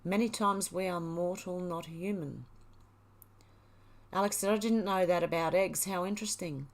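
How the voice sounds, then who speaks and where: She's a middle-aged Australian livestreamer, casually chatting as she reads viewer comments aloud. Her voice sits lowish, moving at a normal speed with fairly even intonation.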